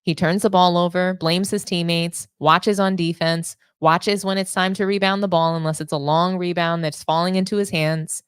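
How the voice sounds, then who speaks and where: A woman's voice: fairly low pitch, little pitch movement, normal speed, hardly any pauses, smooth, dry recording, clean studio sound. A young adult woman hosting a sports show, delivering opinionated commentary with indignant, sarcastic rhetorical questions.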